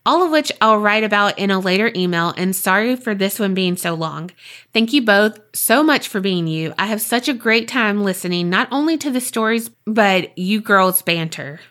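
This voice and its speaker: A woman co-hosting a podcast, reading a listener's ghost story aloud and then chatting in a lively, swearing, laughing way. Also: mid-range voice, normal speed. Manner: animated, swears freely, laughs often. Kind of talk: casual chat and reading aloud.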